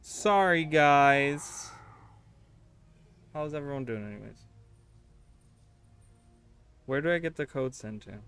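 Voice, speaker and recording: A man's voice: medium pitch, moderate pace, vocal fry, long pauses, smooth. A man streaming a game live, chatting to his viewers in a casual, easily flustered and exasperated way. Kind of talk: casual livestream chat while gaming.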